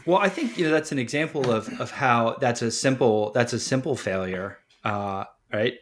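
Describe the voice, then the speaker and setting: A man hosting a casual podcast chat, thinking out loud and probing his guests. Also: mid-range voice, moderate pace, a little hiss or hum. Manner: reflective, probing.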